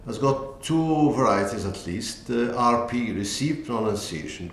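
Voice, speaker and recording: Slow, deliberate male teacher in an echoey room. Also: mid-range voice, a little hiss or hum. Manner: deliberate, pausing often with "uh". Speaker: language teacher presenting a book. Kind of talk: slow lecture-style walkthrough. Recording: echoey room with faint ambience.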